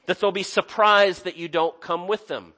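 A man's voice: high-pitched, steady tone, normal speed, pushed and bright. A young man preaching a sermon in an earnest, conversational way, often restarting his sentences. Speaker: pastor.

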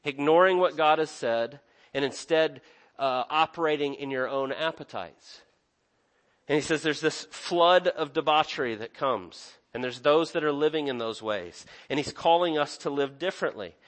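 Preaching at a moderate pace, this young pastor has a fairly high, fairly bright voice. His sermon comes across as sincere and chatty, with sentences he often breaks off and begins again.

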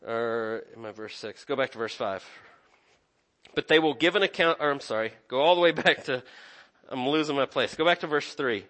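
A man's voice: medium pitch, lively intonation, normal speed, fairly bright tone. A young man preaching a sermon in an earnest, conversational way, often restarting his sentences. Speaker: pastor.

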